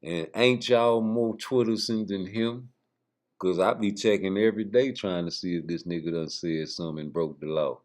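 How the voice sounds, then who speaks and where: A man's voice: deep voice, moderate pace. A man giving casual, profane, rambling boxing commentary straight to his viewers. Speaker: boxing YouTuber.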